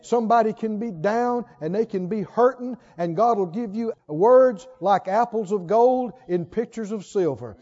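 A man preaching a sermon with animated delivery, leading the congregation in call-and-response. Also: high-pitched, normal speed, hardly any pauses, muffled recording. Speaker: pastor.

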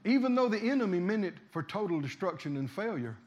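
A man preaching a sermon in a church, telling a story and then rising to loud exhorting with frequent hallelujahs. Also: high voice, sing-song, fast talker, muffled recording.

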